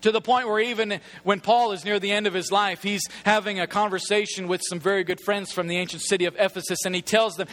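A man delivers a sermon in a strikingly high, sharp-edged voice. He talks casually and with humor, as if chatting with the congregation. Key points come back as emphatic, repeated phrases. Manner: casual, humorous, conversational preaching. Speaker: preacher.

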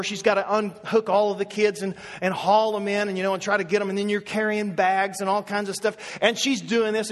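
A male pastor preaching a sermon, telling an animated story with many asides and restarts. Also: high voice. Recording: echoey hall with long reverb.

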